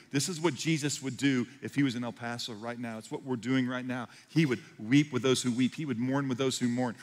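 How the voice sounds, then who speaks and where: Male pastor, sermon, slightly high voice, emphatic, long hall reverb. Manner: swings from hushed to loud, emphatic preaching.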